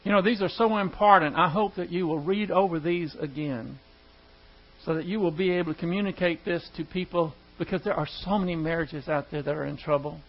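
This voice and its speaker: A man's voice: a little high, a little fast, lo-fi sound. A man preaching and teaching, making emphatic points with rhetorical questions and acting out quoted dialogue. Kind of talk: sermon-style teaching with prayer.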